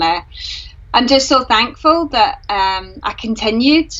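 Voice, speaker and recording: A woman's voice: mid-range voice, pushed and bright, dull audio. A woman from Scotland, a guest on a live-streamed video call, answering frankly and thoughtfully with many fillers. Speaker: ultra runner guest.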